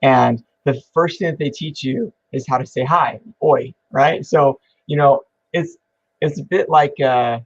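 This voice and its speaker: A man's voice: medium pitch, measured pace, gravelly, dry recording. Co-host, male, easygoing rambling storyteller, dry and slightly lo-fi. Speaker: podcast co-host. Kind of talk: casual chat.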